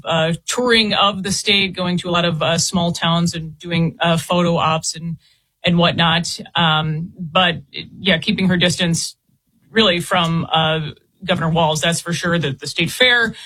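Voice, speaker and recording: Bright, husky woman reporter. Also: on the low side, steady tone, low-quality recording. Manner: halting, repeats words while explaining. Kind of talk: interview guest.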